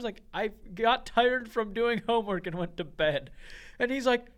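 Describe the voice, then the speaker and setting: A man's voice: extremely high pitch, a little fast. A young man, a podcast co-host, telling a story in casual chat, full of "like" and laughing as he goes. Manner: animated, heavy use of "like", laughs while telling stories.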